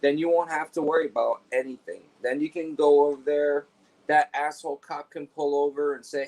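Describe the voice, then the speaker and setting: A man's voice: on the high side, steady tone, brisk, darkish tone, low-quality recording. Profane, rambling man chatting casually. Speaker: store clerk. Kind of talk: casual chat.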